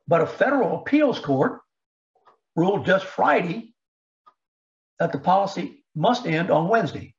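A man giving political commentary, halting with fillers and restarts, pushing rhetorical questions up in pitch. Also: big pitch swings, lo-fi sound. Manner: rhetorical questions with rising emphasis.

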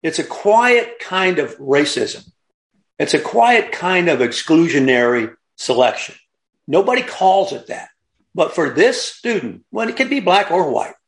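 Animated man, emphatic in a roomy space. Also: fairly high pitch, unhurried. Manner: emphatic, digressive, lecturing, repeats for effect. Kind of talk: impassioned commentary. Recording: roomy echo.

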